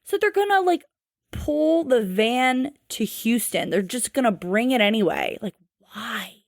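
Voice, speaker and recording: Woman, podcast co-host, casual recap chat, animated, salty language, dry close mic. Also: a little high, a little slow, gravelly, no room sound. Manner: animated, swearing, acts out quotes.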